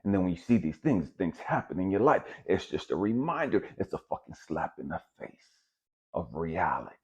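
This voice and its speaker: A man delivers a blunt, profane motivational monologue, repeating his points for emphasis. His voice is husky and fairly high, with a lively, swinging pitch. The recording sounds dull and lo-fi. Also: moderate pace. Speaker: spiritual motivational speaker.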